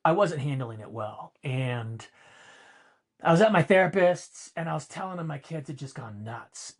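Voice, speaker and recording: A middle-aged man co-hosting a podcast, telling a personal story emphatically and repeating key points for effect. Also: high-pitched. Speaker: podcast co-host.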